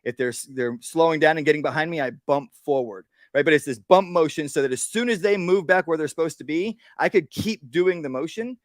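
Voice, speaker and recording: A man, a dog trainer, giving a live workshop demonstration. He explains each step plainly, often checks in with "right?", and breaks off to give short, calm commands to a dog. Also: fairly high pitch, brisk, hardly any pauses, no room sound, studio quality.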